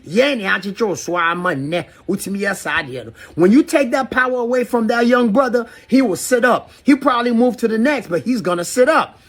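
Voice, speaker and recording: A man's voice: very high-pitched, fairly bright tone. A middle-aged man with a Ghanaian accent delivering a heated, profane video rant at his critics, lecturing and mixing in local phrases. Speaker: artist addressing critics.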